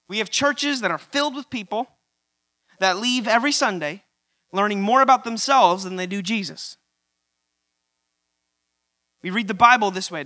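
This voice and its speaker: A man preaching a church sermon, building to loud emphatic peaks and repeating his key lines. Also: very high-pitched. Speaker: pastor.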